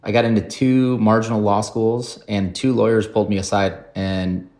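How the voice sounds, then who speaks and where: A man in his forties tells his career story on a podcast in a relaxed, self-deprecating way. His voice sits low and deep. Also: normal speed. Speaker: podcast guest. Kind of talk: casual storytelling.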